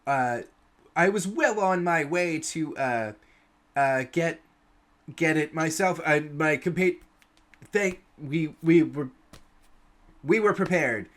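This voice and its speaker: A man's voice: on the high side, lively intonation, a bit bright, pitched above the performer's own voice. A man doing a stammering nervous young knight. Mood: flustered. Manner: stammering, rushed, anxious.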